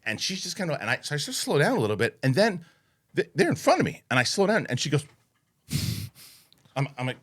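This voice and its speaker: A man's voice: a little high, big pitch swings, a little fast, pauses often, a bit bright, no room sound, studio quality. A man hosting a casual chat, telling an anecdote animatedly and acting out both sides with laughs. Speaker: host.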